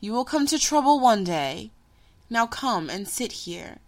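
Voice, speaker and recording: A woman reading a story, voicing a patient, wise, magical female teacher who teases gently. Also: fairly high pitch, measured pace, pitched above the performer's own voice. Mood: patient, teasing. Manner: calm, gently teasing teacher.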